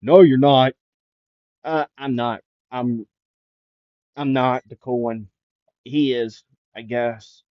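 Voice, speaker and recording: A man voicing an unstable male villain who argues loudly with himself, in a raised, strained voice on a dull, dry recording. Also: mid-range voice, fairly even intonation, takes it slowly, long pauses, dry recording, close to an everyday voice. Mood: bickering. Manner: loud, strained, bickering with himself.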